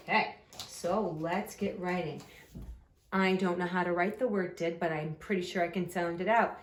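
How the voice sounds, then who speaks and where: This is a woman teaching young children their letters at a gentle, very slow pace. She sounds out each letter and breaks into little sung chants to spell words. Her voice lands a bit distant and echoey, as if recorded across a room. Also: fairly low pitch. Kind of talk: early-grade phonics lesson.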